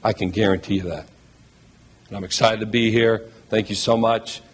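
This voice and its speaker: A man's voice: lowish voice, fairly even intonation, moderate pace. A man speaking as a new head basketball coach at a press conference, heartfelt, emotional and thankful.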